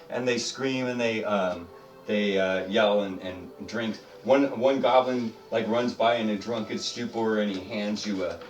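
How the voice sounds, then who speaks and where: A man's voice: fairly low pitch, highs cut off. Chatty male game master, roomy sound. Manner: chatty, halting with many fillers. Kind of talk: narrating a tabletop game. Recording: roomy, distant mic, faint music.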